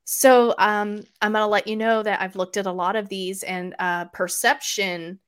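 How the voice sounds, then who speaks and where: Woman, podcast guest, animated storyteller, casual chat. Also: medium pitch, smooth. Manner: animated storyteller, quick shifts in loudness.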